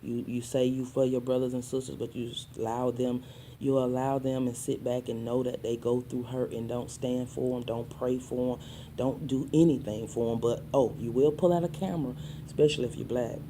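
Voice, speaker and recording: A sassy woman vlogger, talking straight to her listeners in a casual storytime. Her voice is dark and mellow, and she calls her audience honey and child. She mixes spiritual preaching into her story and now and then drops into soft asides. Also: very deep voice, flat delivery, normal speed, a little hiss or hum.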